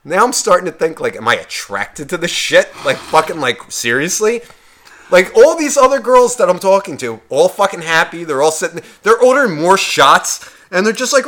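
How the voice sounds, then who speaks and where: Bright-voiced man, swearing storyteller. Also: high-pitched, moderate pace. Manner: rambling, heavy swearing, animated retelling. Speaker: podcast co-host. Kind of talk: casual podcast storytelling.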